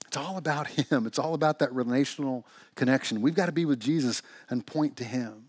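A man's voice: medium pitch, a little fast, husky, no echo, clean studio sound. A man preaching a sermon in church, telling stories and asking rhetorical questions. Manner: animated storytelling with rhetorical questions. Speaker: pastor.

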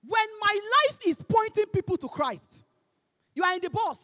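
A woman with a Nigerian accent delivers a fervent sermon, her bright, ringing voice leaping up and down in pitch. She shouts her exhortations, then drops to hushed asides, with Pidgin phrases mixed in. A long reverb trails every line, as in a large church hall. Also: expressive, moderate pace. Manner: emphatic, swings between shouting and hushed tones, drops into Pidgin. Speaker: preacher.

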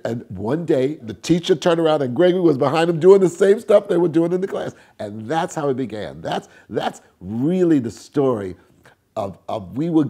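An older man with a husky, mellow voice tells stories from his past in an interview. His pitch swings widely, rising high and loud, then dropping low and soft as he acts out the people he quotes. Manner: animated storyteller, acts out quotes with big swings in pitch and volume. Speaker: interviewee, tap dancer. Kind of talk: storytelling interview.

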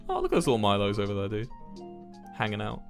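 A man's voice: on the low side, huge pitch swings, quick pace, gravelly, soft background music. A young man streaming live, chatting casually with viewers, swearing freely and rambling with restarts. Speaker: livestreamer. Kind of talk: casual chat with viewers while gaming.

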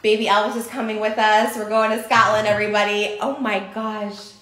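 A woman vlogging an unboxing, gasping and gushing with excitement. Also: mid-range voice, a little fast. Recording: echoey room, faint noise.

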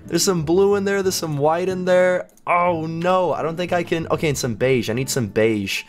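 A man's voice: a little high, normal speed. Giggly young man narrating his gameplay. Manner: giggly, self-mocking, chatty. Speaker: gaming YouTuber. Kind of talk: casual gameplay commentary.

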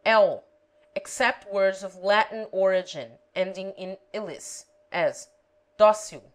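A woman reading a grammar lesson aloud, pronouncing example words carefully and deliberately. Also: mid-range voice, poor audio. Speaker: language teacher.

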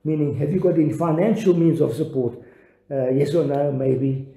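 An older man, a pastor, giving a devotional sermon in an earnest, halting way with frequent restarts. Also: on the high side, steady tone, mellow, reverberant, poor audio.

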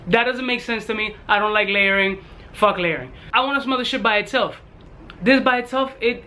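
A man reviewing a fragrance in a blunt, casual vlog, swearing constantly and retelling his story with animated energy. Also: sits high.

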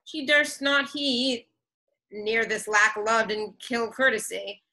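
Cast: woman as a sprightly fairy, high and bright, unhurried verse, video call. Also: exaggerated voice, rough recording. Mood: mischievous. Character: mischievous fairy servant, nimble. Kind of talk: Shakespeare verse reading.

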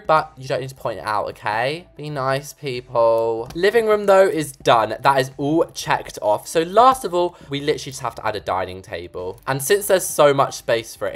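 A young English woman giving chatty, bubbly commentary on her game build, with jokey asides to her viewers. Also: a bass voice. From England. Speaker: gaming YouTuber. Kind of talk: casual gameplay commentary.

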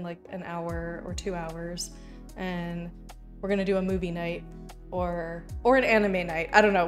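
A woman streaming live, talking in a loose, rambling way and swearing casually. Her voice sits a little low for a woman. Soft music plays quietly behind her. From Canada. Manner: rambling, chatty, swears freely. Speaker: livestreamer. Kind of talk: casual livestream chat.

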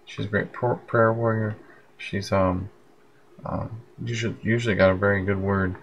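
Gravelly low-voiced man hosting a livestream. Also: level tone, moderate pace, dull audio, slight background noise. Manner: rambling, friendly, reads out viewer comments. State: tired, yawning late at night. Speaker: livestream host. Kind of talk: casual live broadcast chat. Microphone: headphones with plug-in mic.

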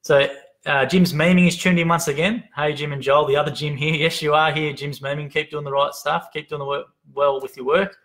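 A man's voice: on the high side, steady tone, brisk, fairly bright tone. Upbeat man reading comments. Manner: upbeat, reads names aloud, stumbles on pronunciations. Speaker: co-host reading viewer comments. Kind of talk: casual live-stream chat. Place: open-plan head office.

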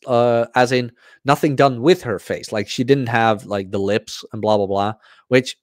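A man's voice: mid-range voice, steady tone, a little slow, no echo, studio quality. A man hosting a podcast, talking in a casual, blunt and profane monologue. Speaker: podcast host.

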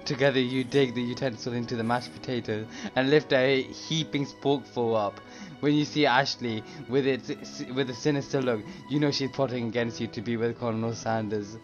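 A man reading a dating game aloud in soft, dramatic narration. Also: medium pitch, fairly even intonation, moderate pace, hardly any pauses, lo-fi sound. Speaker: game reader. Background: music.

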